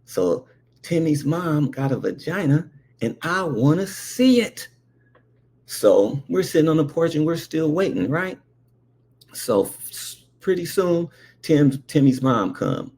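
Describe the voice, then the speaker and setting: A man's voice: on the high side, very animated, takes it slowly, darkish tone, slightly rough. A man telling a comic childhood story, with frequent asides like okay and all right. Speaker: comedian.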